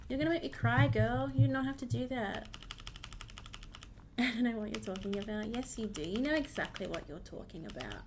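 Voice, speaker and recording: A woman's voice: on the high side, animated, moderate pace, a little hiss or hum. A woman streaming a game, chatting casually and bubbly with her viewers. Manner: bubbly, thanks viewers, gasps and squeals. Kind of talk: casual livestream chat while gaming.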